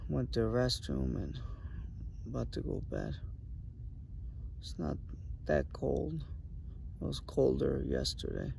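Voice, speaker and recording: A grieving man speaks slowly and haltingly into his late-night video diary, his voice gravelly and mellow. He sounds tired and subdued, and a faint hiss sits behind him. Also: medium pitch, wildly swooping pitch. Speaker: vlogger. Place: small private sleeping area, indoors.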